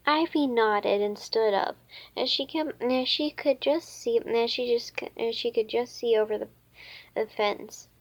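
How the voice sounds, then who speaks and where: A woman's voice: a little high, dry recording, lo-fi sound. Woman stumbling through a storybook. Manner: halting, many fillers and restarts. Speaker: reader. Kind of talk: reading a children's book aloud.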